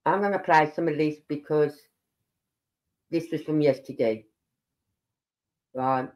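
A Birmingham-born older livestreamer rambles casually, moving from topic to topic and keeping the talk aimed at viewers. The voice is middle-pitched and a little mellow, with a measured pace.

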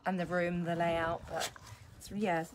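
A woman's voice: lowish voice, little pitch movement, measured pace, noisy background. A woman, a dance teacher, chatting casually outdoors on a live stream and laughing often.

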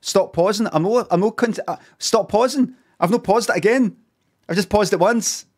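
A man's voice: high voice, normal speed. A man, chatting casually and swearing while streaming reaction commentary. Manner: chatty, swearing, rambling asides.

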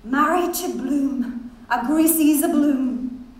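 A woman voicing a bold young barmaid who yells and hoots through her laughter. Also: high voice, slow pace, pitched above the performer's own voice. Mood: hooting mirth. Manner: loud, yelling through laughter. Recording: very echoey hall, distant mic.

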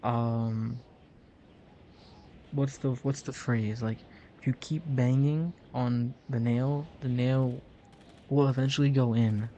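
Mellow-voiced young man rambling over gameplay. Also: mid-range voice, steady tone, slow pace, long pauses, muffled recording, slight background noise. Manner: rambling, jokey, self-mocking. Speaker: gaming video host. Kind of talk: casual gameplay commentary.

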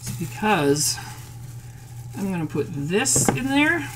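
A woman's voice: medium pitch, sing-song, slow, noisy background. Woman, Northern Plains Midwestern accent, casual cooking stream chat, profane and blunt, faint sizzling behind her. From Upper Midwest, United States. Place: home kitchen with food frying. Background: faint sizzling and frying.

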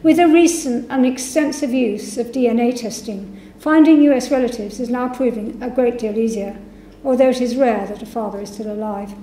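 A woman's voice: fairly high pitch, moderate pace, hardly any pauses, dark tone, a little hiss or hum. A woman giving a public university lecture, reading testimonies aloud and voicing the quoted speakers. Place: lecture hall. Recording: echoey lecture hall.

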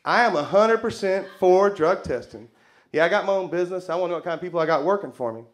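A man's voice: high voice, animated, fast. A Texan man doing a stand-up set in a comedy club, drawling and laughing through his own jokes. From Texas. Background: audience laughter.

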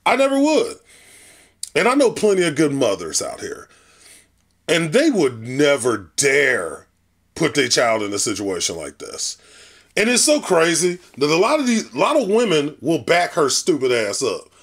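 Reaction host, male, animated and exasperated, casual cussing. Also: fairly high pitch, moderate pace, breathy edge. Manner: exasperated, swears casually, preachy asides. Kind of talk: reaction commentary.

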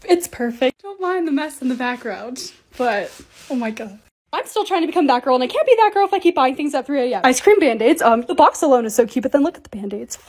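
A young woman narrating her own videos as a creator, bubbly and gushing as she shows off things she bought. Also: high-pitched. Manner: bubbly, gushing, quick and excitable. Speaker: TikTok creator. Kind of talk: casual vlog voice-over.

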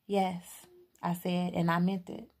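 A woman narrating an audiobook in steady, unhurried first person. Her voice is low and gravelly, with little rise or fall. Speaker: audiobook reader.

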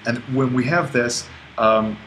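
A man's voice: mid-range voice, a little slow, fairly bright tone, slight background noise, poor audio. A man teaching a recorded online language lesson, explaining at an easy pace with restarts and small self-corrections. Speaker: Greek language instructor.

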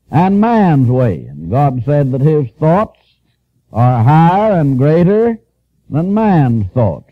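Man preaching over a tinny archival recording. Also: a little high. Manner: measured, emphatic preaching with repeated phrases; reads scripture aloud in an old-fashioned cadence. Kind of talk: sermon.

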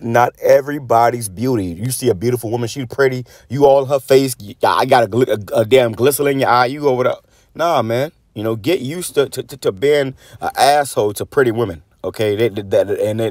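A religious channel host delivers a preaching rant, bluntly and with profanity, reading scripture aloud before commenting on it and often repeating words as he restarts. His voice is medium-pitched and slightly mellow. The recording is clean studio audio with no echo.

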